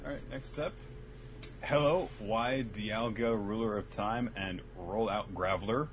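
A man's voice: lowish voice, a little slow. A man co-hosting a podcast, reading out listener questions and trading dry wisecracks. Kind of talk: casual podcast banter. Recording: noisy recording.

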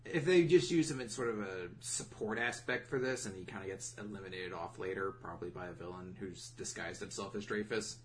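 A man's voice: low-pitched, brisk, few pauses, a little hiss or hum. A man casually summarizing a comic chapter as a podcast host, rambling with lots of fillers. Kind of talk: casual review chat.

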